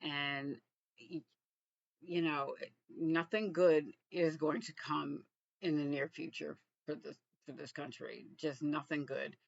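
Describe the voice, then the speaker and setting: A man from Texas, vlogging in a reflective, halting way with frequent restarts. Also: on the high side, flat delivery, gravelly, no room sound, lo-fi sound. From Texas, USA. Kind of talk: casual personal vlog.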